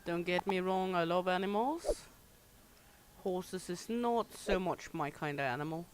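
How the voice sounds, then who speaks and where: A woman's voice: fairly low pitch, measured pace, noisy background. A young adult woman, a native Danish speaker, chatting casually with viewers on a game livestream, playful and bawdy, swearing freely and laughing often. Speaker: game streamer.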